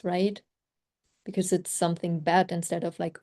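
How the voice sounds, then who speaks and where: A woman's voice: lowish voice, little pitch movement, normal speed, a little mellow. A woman coaching on a group video call, talking in a chatty, reflective way with many "like" fillers; her first language is German. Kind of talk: casual group call talk.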